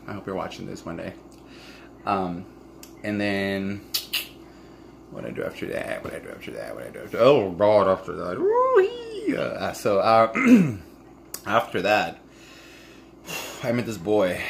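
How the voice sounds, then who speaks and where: A man's voice: deep voice, creaky, background noise. A man talking candidly to camera in a raw, profane, emotional monologue about a past relationship. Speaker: vlogger.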